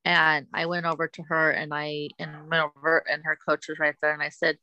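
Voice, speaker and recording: A woman from the United States, a guest athlete in a casual interview, speaking earnestly and haltingly and often repeating herself. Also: sits low, flat delivery, pushed and bright, no echo, rough recording.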